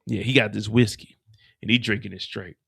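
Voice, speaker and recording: A man hosting a livestream, casually recapping a TV episode in an animated, profane, slangy way. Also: fairly low pitch, brisk, vocal fry, husky. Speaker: livestream host.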